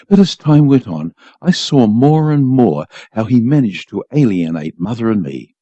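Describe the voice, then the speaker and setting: A man's voice: mid-range voice, sing-song, normal speed, hardly any pauses, dark tone, no room sound, lo-fi sound. A man reading a short story aloud for a volunteer radio program, telling it expressively.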